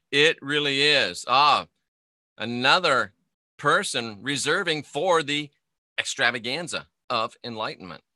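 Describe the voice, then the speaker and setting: A man's voice: medium pitch, animated, takes it slowly, long pauses, bright, forceful tone, no room sound, studio quality. A middle-aged man, a spiritual teacher and former minister, delivering an emphatic monologue full of repetition and rhetorical questions. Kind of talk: preaching-style video monologue.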